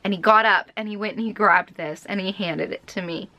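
A woman's voice: medium pitch, fairly quick, pushed and bright, no room sound. A young woman vlogger telling a personal story to camera in a rambling, emotional, heartfelt way.

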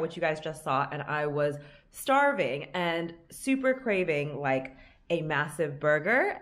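A young woman vlogging at home, chatting to the camera in an upbeat, rambling way. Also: lowish voice. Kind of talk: casual vlog chat to camera. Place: at home in an apartment.

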